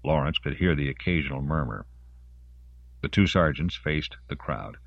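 A man narrating a story in an expressive storytelling voice. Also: very deep voice, moderate pace, creaky, no echo, highs cut off. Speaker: audiobook narrator. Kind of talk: scripted narration.

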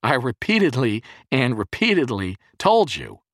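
A man's voice: huge pitch swings, normal speed, husky, no room sound, studio quality, exaggerated voice. A man doing a frantic, sleepless paranoid guy. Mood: furious. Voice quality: strained, shouting high voice. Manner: yelling and rambling in agitation.

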